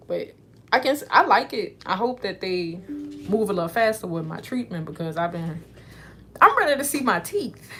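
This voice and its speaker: A woman's voice: lowish voice, a little hiss or hum. A young adult woman livestreaming, reading out viewers' questions and answering them in a loose, rambling chat full of fillers. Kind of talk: casual chat.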